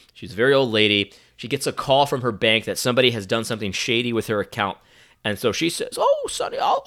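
A young man giving a sarcastic, animated opinion monologue full of restarts. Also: on the low side. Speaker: commentator.

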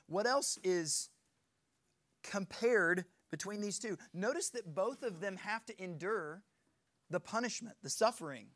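A man's voice: sits high, a bit bright. Earnest, emphatic male preacher. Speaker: pastor. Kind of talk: sermon.

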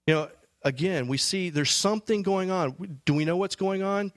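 A man's voice: high voice, moderate pace, no echo. A man giving a sermon, reading scripture and explaining it in a loose, conversational way with frequent restarts. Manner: conversational, many restarts and fillers. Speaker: preacher.

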